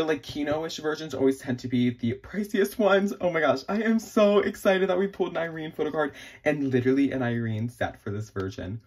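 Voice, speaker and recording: Husky, gushing young male vlogger. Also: fairly high pitch. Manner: gushing, excitable, gasps and many fillers. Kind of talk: casual unboxing vlog.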